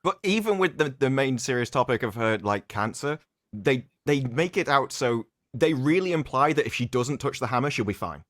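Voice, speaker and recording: A man's voice: mid-range voice, animated, normal speed, a bit bright. A man in a casual film discussion, reasoning hesitantly, with frequent fillers.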